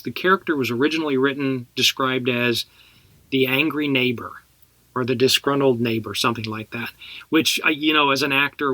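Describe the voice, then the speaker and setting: Bright-voiced middle-aged actor telling stories. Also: male voice, mid-range voice, no echo. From Texas. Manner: chatty, laughs through his stories. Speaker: actor guest. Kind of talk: casual interview storytelling.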